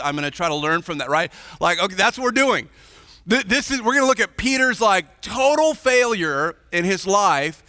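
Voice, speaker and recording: A man's voice: high-pitched, pushed and bright, big-room sound. A male pastor preaching in a chatty, informal way, often checking in with his listeners. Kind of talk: conversational sermon. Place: church sanctuary.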